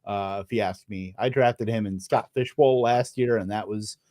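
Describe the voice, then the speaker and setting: A man's voice: fairly low pitch, moderate pace, darkish tone, no echo, studio quality. A man fantasy football analyst in a casual panel chat, rambling with frequent restarts. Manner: rambling, full of restarts and fillers.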